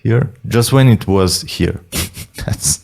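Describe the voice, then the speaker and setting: A man in his forties speaks English with a clear Italian accent, his voice sitting very low and rough with vocal fry. He chats casually as an interview guest and wanders from point to point. He pokes fun at himself and laughs often. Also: slow pace, darkish tone. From Italy. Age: 40s. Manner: meandering, self-deprecating, laughs often. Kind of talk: casual chat.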